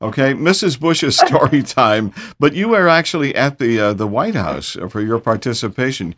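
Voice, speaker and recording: A man hosting a radio chat, asking a guest halting questions with many fillers. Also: medium pitch, animated, fairly bright tone. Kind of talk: casual interview.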